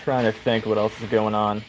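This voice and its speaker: A livestream host rocks on a porch swing outdoors, rambling casually to viewers, swearing a lot and chuckling often. His voice is lowish and flat at a normal speed, over a noisy background.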